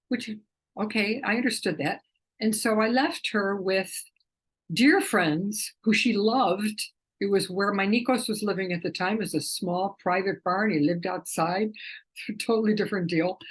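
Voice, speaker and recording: Gentle husky woman telling a story. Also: medium pitch, poor audio. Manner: gentle, rambling, emotional storytelling. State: tearful at times. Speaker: animal communicator. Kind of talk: personal storytelling to camera.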